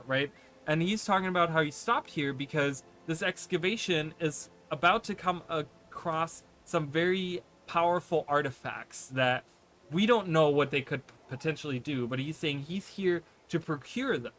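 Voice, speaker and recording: A man's voice: on the high side, fairly bright tone. A man whose first language is not English, casually commenting on a game stream in a rambling way, full of fillers. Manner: rambling, many fillers and restarts.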